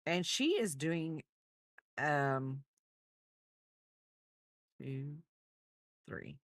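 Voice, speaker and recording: Woman, low pitch, chatty rambling livestream talk, dry recording. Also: lively intonation, very slow, no echo. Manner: rambling, chatty, thanks viewers. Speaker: crochet livestreamer. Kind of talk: casual livestream chat.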